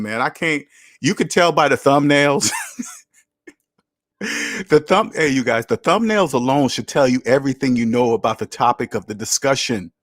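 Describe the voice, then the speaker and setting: A man's voice: medium pitch, no room sound, studio quality. A man hosting a casual livestream, reading viewer comments aloud and answering them with emphatic rhetorical questions. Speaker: channel host reading chat comments. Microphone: camera mic.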